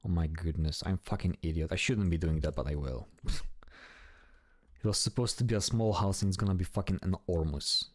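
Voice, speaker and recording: Playing a building game, a male streamer with a low voice chats away briskly, muttering to himself and cursing occasionally. The studio-quality recording has no room sound.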